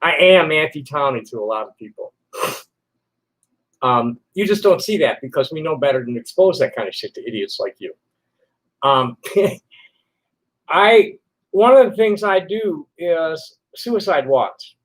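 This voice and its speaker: High-voiced older man ranting, swearing. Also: lively intonation, unhurried, long pauses. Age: 60s. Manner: combative, swears constantly, flares into shouting. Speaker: vlogger answering online critics. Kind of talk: angry profane rant to camera.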